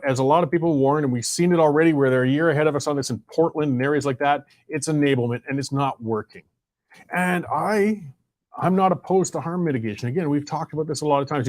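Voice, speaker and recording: Higher-voiced Canadian male talk host, dry sound. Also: no echo. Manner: conversational, heated and rising in pitch when arguing. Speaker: show host. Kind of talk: opinionated talk show monologue.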